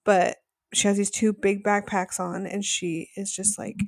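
A woman's voice: mid-range voice, little pitch movement, measured pace, creaky, dry recording, studio quality. A woman co-hosting a podcast, casually and animatedly retelling a reality show episode, saying "like" often. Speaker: podcast co-host.

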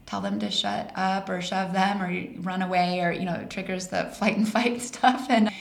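Her voice is lowish and quite gravelly: a woman in her forties from Colorado, guesting on a casual interview and telling personal stories at normal speed. She's animated and laughs as she goes, while the echoey room leaves a faint hiss behind her.

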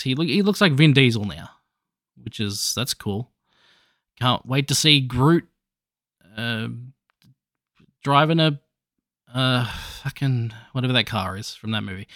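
A man's voice: medium pitch, bright, forceful tone, dry recording, studio quality. A man hosting a podcast alone, chatting casually about movies in a rambling, jokey way with restarts and swearing. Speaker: podcast host.

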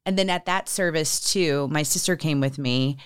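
A woman's voice: deep voice, normal speed, smooth, no echo. Chatty woman podcast host, dry sound. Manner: animated storyteller, acts out quoted voices. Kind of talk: casual conversation.

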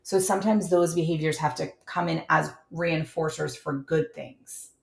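A woman coaching a parent in a calm, clear, instructive way as the host. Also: deep voice, moderate pace, reverberant. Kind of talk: coaching conversation.

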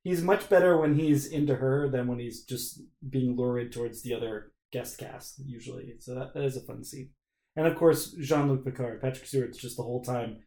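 A man hosting a podcast in casual chat, animated and acting out bits of scenes as he talks. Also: mid-range voice, gravelly. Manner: animated, acts out lines from scenes. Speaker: podcast host. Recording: echoey room.

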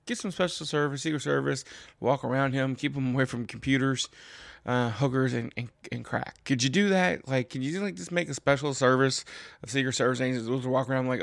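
The host of a political commentary show, a man from Kentucky, talks briskly with vocal fry in a dry recording. His solo rant is casual and exasperated, animated throughout, with sudden high jumps in pitch for emphasis.

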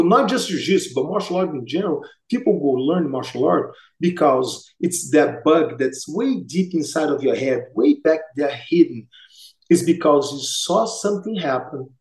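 A man's voice: fairly high pitch, moderate pace. Brazilian-accented man telling stories animatedly. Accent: Brazilian Portuguese. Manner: animated, acts out quoted voices. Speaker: guest, martial arts master. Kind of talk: casual storytelling. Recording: echoey room.

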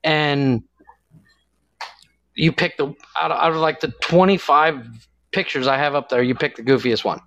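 A man's voice: on the high side, fairly even intonation, normal speed, long pauses, fairly bright tone, highs cut off. A man co-hosting a casual podcast, telling stories with lots of laughter and acted-out quotes. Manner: storytelling, laughs often, acts out quotes. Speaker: podcast co-host. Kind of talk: casual chat.

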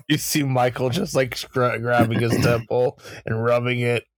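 A man's voice: medium pitch, fairly even intonation, slow pace, no echo. A man playing a tabletop game, reacting with dry amusement. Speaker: player.

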